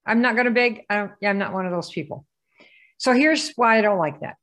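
A woman running a business training session, speaking in a voice of ordinary pitch for a woman. She peppers the room with questions and demands yes-or-no answers. Her tone stays direct and persuasive. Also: a little fast, fairly bright tone. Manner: rhetorical, quizzes the audience. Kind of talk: live training presentation.

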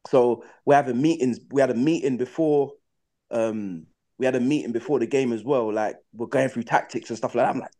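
Brief: young man, footballer guest, animated slangy storyteller, mid-pitched voice. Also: fairly quick. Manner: animated, slangy, acts out his own past reactions. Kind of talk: casual storytelling in a podcast interview.

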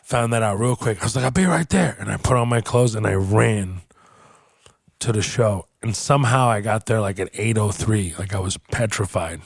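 A man hosting a podcast, telling a long comedy anecdote in a loose, profane, animated way and acting out the people in his story. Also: on the low side, normal speed, creaky, dry recording, studio quality.

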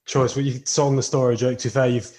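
A man hosting a podcast, briskly running a game segment with jokes. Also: mid-range voice, level tone, a little mellow. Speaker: podcast host. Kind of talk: casual podcast chat.

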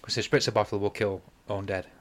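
A man's voice: lowish voice, steady tone, quick pace, background noise. A man, casually retelling a game's plot on a podcast, rambling and apologizing as he goes. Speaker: podcast host. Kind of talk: casual chat.

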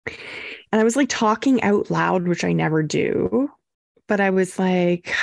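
A young woman co-hosting a podcast, telling a story in a casual, animated way and acting out quotes. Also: mid-range voice, unhurried, vocal fry, no echo. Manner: animated, acts out quotes with swearing and laughs. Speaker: podcast co-host.

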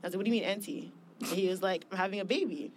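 A woman's voice: medium pitch, very fast, a little hiss or hum. A young woman hosting a podcast in casual chat, telling stories with lots of swearing. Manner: animated storyteller, swears freely. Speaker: podcast host.

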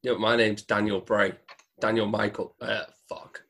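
A man's voice: fairly low pitch, flat delivery, moderate pace, a bit bright, a little hiss or hum. A man co-hosting a casual podcast, asking rambling, curious questions. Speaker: podcast co-host. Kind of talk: casual banter.

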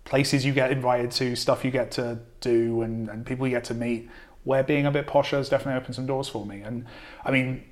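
A man's voice: medium pitch, fairly even intonation, a little fast. A man with a mildly posh southern English accent, a guest in a casual podcast conversation, talking in a self-deprecating way with many restarts. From southern England. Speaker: game writer, guest.

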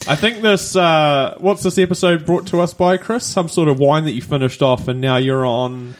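Teasing New man, slightly high. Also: moderate pace. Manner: teasing, dry jokes. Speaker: podcast co-host. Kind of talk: casual chat.

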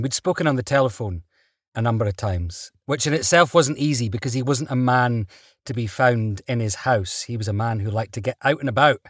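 A man, an actor guest, telling stories in a relaxed interview, chatty and quick to laugh. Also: medium pitch, no echo, studio quality. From Britain. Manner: chatty, laughs often, restarts mid-sentence.

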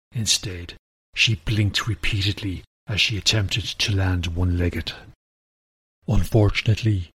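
A man narrating a children's storybook in an even, gentle manner. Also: low voice, breathy edge, no room sound.

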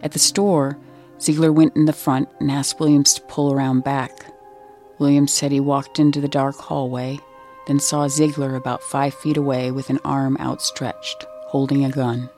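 A narrator telling a crime story in measured, scripted documentary style. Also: medium pitch, flat delivery, darkish tone, faint music behind.

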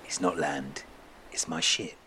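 A man's voice: very deep voice, steady tone, measured pace, sharp tone, a little hiss or hum, pitched below the performer's own voice, exaggerated voice. A man voicing a stern pirate captain who questions a stranger with open distrust. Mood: menacing. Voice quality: blunt, threatening.

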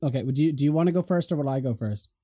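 Podcast host, casual banter, laughs a lot, swears, animated pitch, dry close sound. keep it loose. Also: very fast, dry recording. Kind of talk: casual chat. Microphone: headphones.

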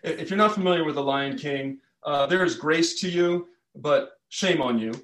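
A man's voice: a little high, moderate pace, a bit bright, reverberant. A man preaching a sermon, telling a story in an earnest, conversational way. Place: church.

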